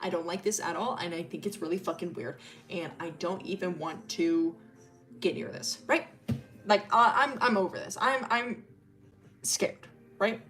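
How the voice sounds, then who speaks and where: A woman's voice: fairly low pitch, normal speed, a bit bright. A young woman streamer casually retelling a story, rambling, swearing and full of fillers.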